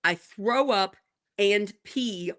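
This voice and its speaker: A woman in her forties, co-hosting a casual morning show and telling a story in an animated way, often laughing. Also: medium pitch, extremely slow. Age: 40s. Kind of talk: casual chat.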